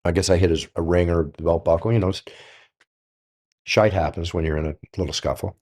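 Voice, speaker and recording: Older man, very low voice, casual podcast storytelling, acts out quotes. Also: brisk. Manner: animated, acts out quoted dialogue. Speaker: guest storyteller.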